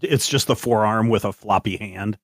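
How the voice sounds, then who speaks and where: A man's voice: fairly low pitch, normal speed, dry recording, clean studio sound. A man playing a tabletop game, speaking casually and matter-of-factly. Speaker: player.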